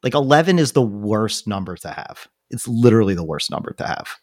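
Animated ranting man on a podcast. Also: fairly low pitch, a little fast. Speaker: podcast co-host. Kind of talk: casual podcast chat.

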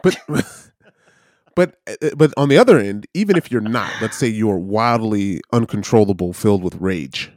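A man's voice: fairly low pitch, expressive, moderate pace, a little mellow, no echo, studio quality. Playful laughing man on a podcast. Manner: playful, laughing, mimics people. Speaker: podcast co-host. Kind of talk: casual podcast chat.

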